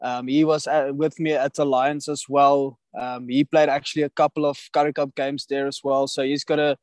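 A rugby player as a podcast guest, speaking hesitantly with many pauses and restarts. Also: male voice, mid-range voice, flat delivery, dry recording. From South Africa. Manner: hesitant, many ums and restarts, laughs easily. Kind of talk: casual podcast interview.

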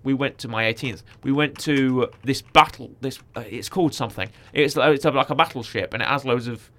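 A man's voice: medium pitch, fairly quick. Chatty young British man telling stories. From Britain. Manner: chatty storyteller, lively acted-out quotes. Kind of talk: casual chat.

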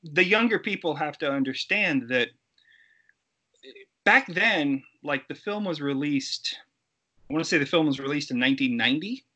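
A middle-aged man, a guest actor, telling lively stories in a casual interview and acting out the people he quotes. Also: on the high side, normal speed, highs cut off. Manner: animated, acts out quoted voices. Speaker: guest actor and effects artist.

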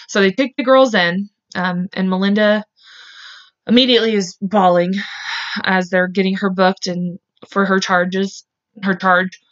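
Casting: woman host, mid-pitched voice, loose chatty true-crime storytelling, lots of "like", swears, slightly dull lo-fi mic. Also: fairly bright tone. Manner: chatty, filler-heavy, emotional, swears openly. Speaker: podcast host.

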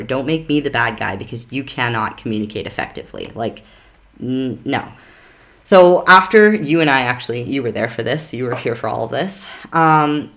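A woman's voice: rumbling low, a bit bright. A young adult woman, a podcast guest, telling a personal story in a frank, emphatic way that is full of "like". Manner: emphatic, frank, swears, peppers talk with "like".

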